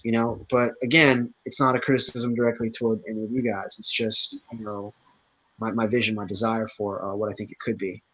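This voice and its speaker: A man chairs a casual online meeting in a bright, ringing voice. He hesitates often, restarting phrases and leaning on fillers. The sound comes through a video call. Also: mid-range voice, poor audio. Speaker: chapter organizer leading an online meeting.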